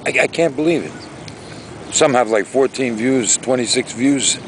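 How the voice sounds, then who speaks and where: An animated vlogger at a normal pace and middle pitch talks to his camera by a lake, his rough recording carrying slight background noise. His style is chatty and wandering, punctuated by exaggerated rants.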